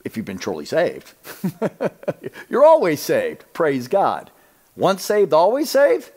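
Teaching scripture with animated emphasis, a male Bible teacher speaks slowly in a fairly high voice. He frequently checks whether listeners see his point and lowers to a hushed voice for emphasis.

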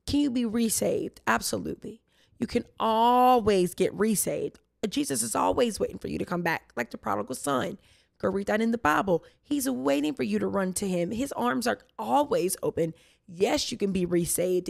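Young woman, podcast host, hoarse and raspy, gravelly, tired low energy, rambling chatty talk, dry close sound. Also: darkish tone, no room sound. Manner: chatty, rambling with tangents and restarts. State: hoarse from losing her voice. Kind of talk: casual faith Q&A podcast.

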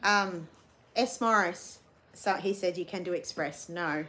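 A woman's voice: fairly low pitch, a little slow, a bit bright, breathy edge. Chatty woman hosting a live stream. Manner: chatty, reads viewer comments, laughs easily. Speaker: vlog host. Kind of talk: casual live-stream chat.

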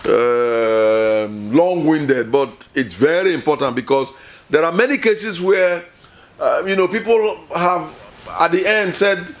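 A man's voice: fairly high pitch, takes it slowly. Emphatic man explaining law. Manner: repetitive, emphatic, self-correcting. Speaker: lawyer explaining court procedure. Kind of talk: informal legal lesson.

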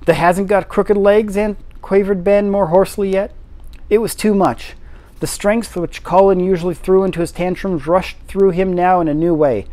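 Male amateur reader, higher voice, steady narration. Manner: steady reading with occasional slips and restarts. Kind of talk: audiobook reading of a classic novel.

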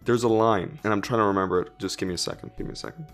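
Young male guest, low voice, rapid rambling delivery, casual swearing, faint music bed. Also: fairly bright tone. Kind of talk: casual movie discussion.

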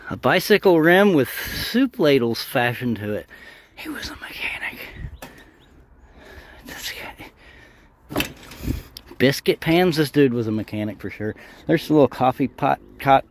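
Folksy out-of-breath man, lively voice. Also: mid-range voice, moderate pace. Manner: folksy, joking, talks to viewers while working. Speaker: scrap-hunting vlogger. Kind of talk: casual vlog chat. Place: outdoors, backyard and curbside. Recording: noisy outdoor phone audio.

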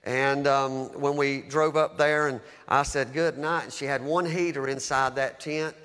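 A man's voice: medium pitch, steady tone, unhurried, fairly bright tone, clear, resonant tone, big-room sound. A man preaching, telling a heartfelt story as testimony, with a fervent, emotional delivery. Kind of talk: sermon testimony.

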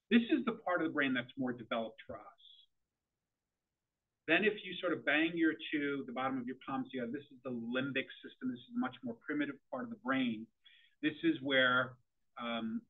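A middle-aged man presents to a room of parents, firing questions at them in an animated, up-and-down delivery. His voice is a little husky and sits fairly high for a man. The sound is thin and tinny, like a phone line. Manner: animated, quizzes the audience.

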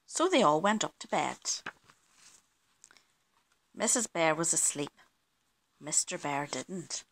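A woman reading a children's picture book aloud, slow and expressive, acting out the sound effects. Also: deep voice, background noise. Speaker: children's story reader.

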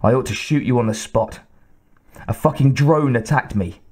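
A man's voice: darkish tone, breathy edge, natural voice. A man playing a menacing furious colonel. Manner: low, slow and threatening. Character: furious battered male colonel, cold and menacing.

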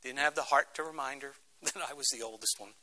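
This middle-aged guest lecturer from Philadelphia talks fast in a mid-range, bright, forceful voice, with a slight hiss or hum on the audio. Speaking to students in a university lecture room, he dramatizes his story and performs the voices he quotes.

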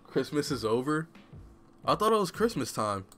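A man's voice: a little high, sing-song, unhurried, fairly bright tone, soft background music. A man commentating a live game stream, joking and self-mocking in casual street slang. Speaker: gaming streamer.

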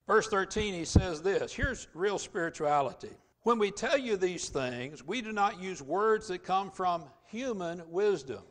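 A man preaching a sermon as pastor in a church, emphatic, dropping to quiet asides and rising to loud, stressed points. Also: sits high. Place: church sanctuary.

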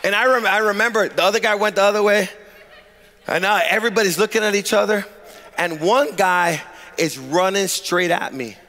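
A man preaching a sermon as pastor, using call-and-response and swinging from shouted lines to quiet asides. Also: sits high, normal speed, big-room sound.

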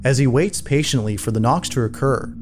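A man reading scripted narration in an even, measured storytelling manner. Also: mid-range voice, music in the background. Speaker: narrator of a played compilation video.

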